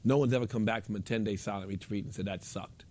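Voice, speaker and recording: A man teaching meditation, talking casually and then guiding a breathing exercise, repeating phrases in a gently instructive way. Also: fairly low pitch, steady tone, fast. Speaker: meditation teacher and show guest.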